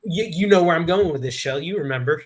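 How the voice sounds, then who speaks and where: Rambling, mid-pitched stream panelist. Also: fast talker, crowd noise. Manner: rambling storyteller, restarts sentences. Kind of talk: casual chat.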